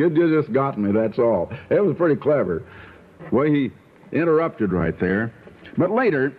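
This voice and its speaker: Older man, preacher, folksy storytelling sermon, lively up-and-down voice, tinny phone-like radio sound. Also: mid-range voice. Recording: tinny old radio broadcast.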